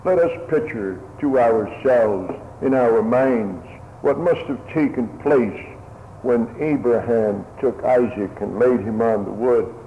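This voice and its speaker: A man's voice: mid-range voice, takes it slowly, a little hiss or hum. A man preaching a solemn, old-fashioned sermon to his hearers. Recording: phone-like radio broadcast in a reverberant hall.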